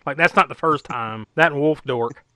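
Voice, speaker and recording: A man's voice: a little high, moderate pace, bright, forceful tone, dry recording. A man casually recapping a movie plot, rambling with lots of fillers and frequent laughter. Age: adult who was eight or nine when the film was new.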